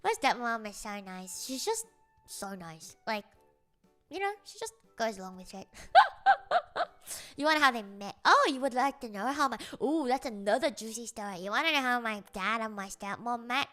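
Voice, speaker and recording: A woman's voice: on the high side, lively intonation, normal speed, pushed and bright, soft background music. A young woman chatting casually as a streamer, rambling through a story with lots of fillers and giggles.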